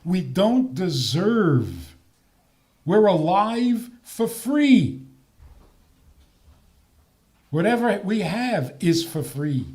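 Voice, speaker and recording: Slow, animated older rabbi. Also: male voice, high voice. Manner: animated, joking, rhetorical questions. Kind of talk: talk on faith.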